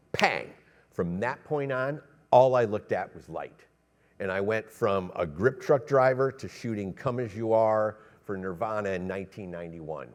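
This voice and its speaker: A middle-aged man, a cinematographer, telling stories on an expo stage with lively quoted voices and laughter. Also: lowish voice. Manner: animated storyteller, acts out quotes, laughs often. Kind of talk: storytelling on a panel. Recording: reverberant expo hall.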